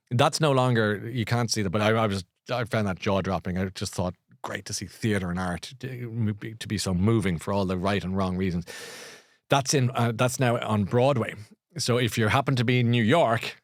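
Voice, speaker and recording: A man's voice: lowish voice, no room sound, studio quality. A man hosting a live show about books and films, chatty and enthusiastic. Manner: chatty and enthusiastic, with frequent restarts. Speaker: host of a live book and culture show.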